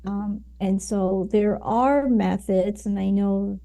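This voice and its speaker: Woman guest, mid pitch, mellow tone, explanatory, chatty with tag questions. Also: steady tone, slow pace, vocal fry. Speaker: guest, communication coach. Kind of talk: conversational interview.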